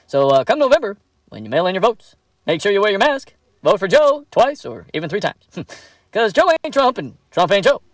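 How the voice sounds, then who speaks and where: A man doing a comedy sketch impression of a smug former male president, drawling with halting uh pauses. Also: sits high, big pitch swings, no echo.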